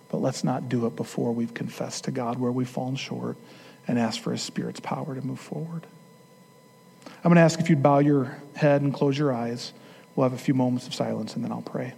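A man's voice: medium pitch, creaky, dark tone, slight background noise. A man preaching a sermon as pastor, earnest and at times emphatic, speaking in a church. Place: church sanctuary. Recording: long hall reverb.

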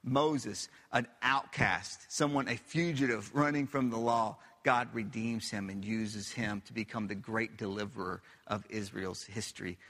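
A man's voice: on the low side, fairly even intonation, unhurried, hardly any pauses, a bit bright. Emphatic preacher, man, in a reverberant hall. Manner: emphatic, repeats phrases, asks the audience questions. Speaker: pastor. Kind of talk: sermon.

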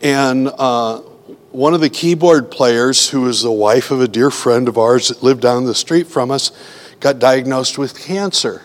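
Speaking unhurriedly at a typical middle pitch, this man preaches an earnest sermon in a chatty style. Along the way he recounts personal anecdotes and voices his worried thoughts aloud, like quoted dialogue. His words echo with a long hall reverb.

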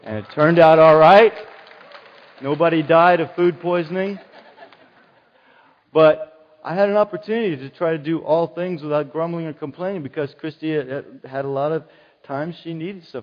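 An earnest middle-aged man preaches in a relaxed, conversational way and keeps circling back to his key phrases. His voice sits a little higher than most men's. The sound is slightly muffled and rings with the long reverb of a large hall. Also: moderate pace. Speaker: pastor. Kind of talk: sermon.

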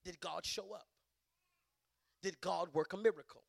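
A middle-aged man preaching a sermon as a bishop, impassioned, surging to loud emphatic peaks, with stammering restarts and repeated words. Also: high-pitched, measured pace, gravelly, husky, dry recording.

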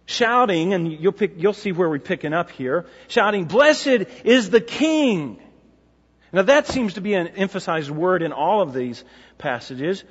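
Brief: male pastor, high voice, relaxed conversational sermon, muffled recording in a church. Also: moderate pace, husky. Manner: explains passages in a casual, conversational teaching tone. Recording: dull sound with long hall reverb.

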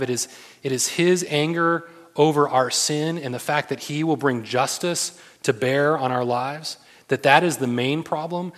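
A man's voice: medium pitch, fairly bright tone. A man preaching a sermon as pastor, earnest, often putting rhetorical questions to the room. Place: church hall. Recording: long hall reverb.

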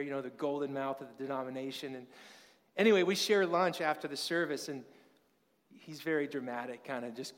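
A man's voice: fairly high pitch, big-room sound. A pastor in his thirties preaching a casual, story-filled sermon full of rhetorical questions.

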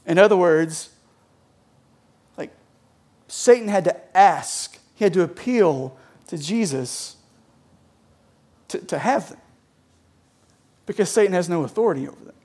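A young pastor preaches to his church in a relaxed, conversational way. His voice sits high for a man, and he keeps checking in with his listeners. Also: measured pace, long pauses, slightly rough. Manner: chatty, peppers talk with "right?" and "like". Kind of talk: casual conversational sermon. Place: church sanctuary.

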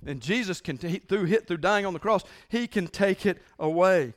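A man preaching a sermon as pastor, emphatic and repetitive, swinging between loud declarations and hushed lines. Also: high voice, moderate pace.

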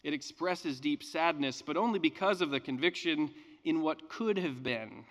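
A man reading scripture and preaching a sermon in a measured, earnest way with emphatic pauses. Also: on the high side, long reverb tail. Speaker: pastor.

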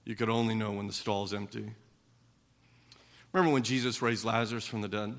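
A man preaching a sermon as pastor, moving from quiet, low reflection to loud, emphatic passages, with frequent repeated words and conversational asides. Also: flat delivery, fairly quick.

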